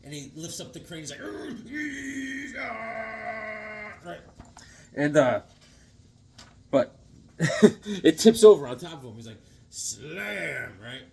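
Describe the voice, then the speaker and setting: A man's voice: on the high side, lively intonation, measured pace, pauses often, darkish tone. A man casually recapping a comic series, rambling and chatty, often checking in with the listener.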